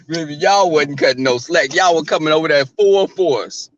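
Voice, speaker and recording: A man with a fairly high voice talks straight to his viewers from his car, sassy and chatty. His sound is close and dry, with no room around it. He reads his live chat aloud between remarks. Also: unhurried, long pauses, no echo, muffled recording. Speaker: YouTuber. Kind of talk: casual livestream chat. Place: in a car while driving.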